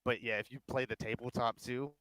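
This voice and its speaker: A man's voice: medium pitch, steady tone, brisk, fairly bright tone, dry recording, low-quality recording. A man in voice chat on a gaming stream, eagerly explaining a game at length in casual talk. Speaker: guest in voice chat.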